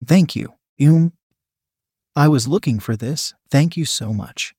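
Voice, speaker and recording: A man's voice: a little high, slow, darkish tone, husky, dry recording, clean studio sound. A man voicing a nervous young man caught off guard, hesitant and stumbling over fillers. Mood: flustered.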